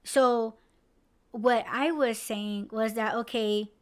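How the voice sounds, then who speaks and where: A woman's voice: on the high side, steady tone, slow, smooth. A woman podcast host in casual chat, rambling with lots of fillers and swearing freely. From United States.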